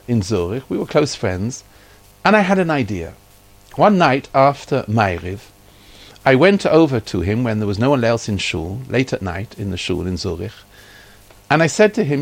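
A man's voice: medium pitch, measured pace, creaky. A man telling a story from his own life, acting out the dialogue and sprinkling in Yiddish and Hebrew terms. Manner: acts out quoted dialogue, lively retelling.

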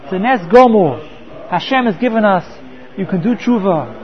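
A man's voice: sits high, lively intonation, normal speed, dull audio. A man teaching a Torah class, often repeating words and mixing in Hebrew terms.

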